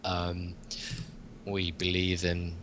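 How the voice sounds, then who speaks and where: A young man hosts a loose, joking chat. His voice is on the low side, and a faint hiss runs under the recording. He rambles from point to point and laughs at his own jokes. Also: monotone, very slow. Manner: rambling, jokey, laughs often. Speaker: podcast host. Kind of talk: casual chat.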